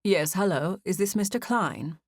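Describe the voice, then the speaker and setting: A polite young hotel clerk with a British accent, voiced by a woman reading an audiobook. He speaks in a measured, formal, professional way. The voice sits fairly low and sounds dry and close. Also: animated, no room sound.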